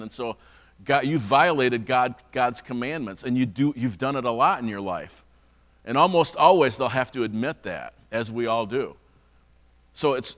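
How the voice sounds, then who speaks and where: A man preaching a conversational sermon in a church, often repeating words as he restarts. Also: mid-range voice. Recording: long hall reverb.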